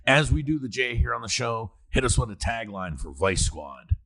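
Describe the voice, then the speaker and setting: Animated, husky-voiced man. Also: medium pitch, moderate pace. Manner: profane, animated, acts out movie lines. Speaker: podcast host. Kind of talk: casual film discussion.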